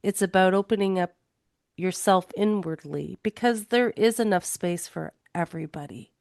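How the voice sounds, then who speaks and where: A woman co-hosting a podcast, speaking in a calm, reassuring way. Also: on the low side, moderate pace, creaky, dry recording, studio quality. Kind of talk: casual reflective chat.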